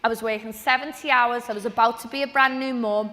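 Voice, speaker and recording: A woman in her forties tells her story from the stage in a lively, chatty way. Her voice is high and bright, almost sharp. It rings out with the long reverb of a large hall. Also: quick pace. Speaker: speaker at a business event. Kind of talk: motivational stage talk.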